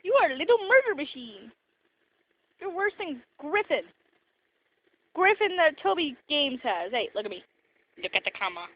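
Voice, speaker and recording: A woman's voice: sits high, big pitch swings, moderate pace, long pauses. A giggly young woman teasing her cat in a casual home video, filmed on a phone indoors. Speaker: vlogger. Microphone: phone camera. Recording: dull lo-fi phone recording.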